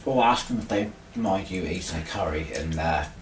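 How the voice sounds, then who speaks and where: A man's voice: low-pitched, normal speed. A man co-hosting a casual beer-tasting podcast, explaining the beers with dry, wry humour. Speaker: podcast co-host. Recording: roomy, distant mic, faint noise.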